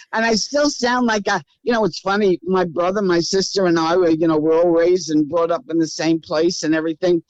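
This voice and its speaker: A woman's voice: on the low side, fairly even intonation, moderate pace, a little mellow, no echo, lo-fi sound. A woman in her eighties with a Brooklyn accent, speaking as a guest in a casual interview from her house. She talks in a brassy, wisecracking, blunt way. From Brooklyn, New York. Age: 80s. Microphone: remote call.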